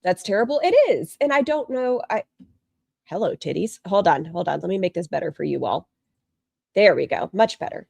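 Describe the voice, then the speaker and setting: A woman's voice: medium pitch, expressive, normal speed, vocal fry, a little mellow, breathy edge, no room sound, clean studio sound. A woman hosting a casual livestream, chatting bluntly and reading viewer comments aloud. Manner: blunt and gossipy. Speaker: livestream host.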